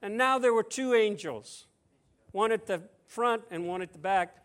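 High-voiced man preaching with playful asides. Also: normal speed. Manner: conversational, with playful asides and humor; expressive, shifting between loud emphasis and soft near-whispers. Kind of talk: sermon retelling a scripture story.

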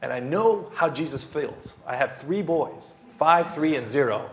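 A man's voice: a little high, expressive, unhurried. A man in his thirties preaching a verse-by-verse sermon, talking emphatically, repeating key phrases and dropping in plenty of fillers. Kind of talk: expository sermon. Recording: roomy hall echo.

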